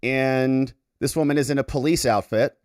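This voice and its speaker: A man's voice: medium pitch, moderate pace, smooth, no room sound, clean studio sound. A man hosting a casual commentary show, chatting and joking as he reacts to clips. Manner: animated, chatty, jokey asides. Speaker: lawyer commentator, host.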